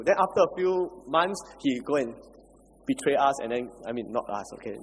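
A man's voice: a little high, quick pace. A man preaching a conversational sermon, asking the congregation questions as he goes. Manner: asks the congregation questions, animated and chatty. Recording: echoey hall with faint background noise.

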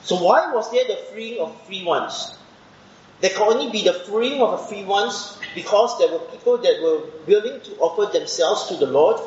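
A man preaching a Bible study sermon, explaining step by step and often checking in with a questioning "right?". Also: sits high. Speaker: preacher teaching scripture. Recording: echoey room, dull muffled sound with faint background noise.

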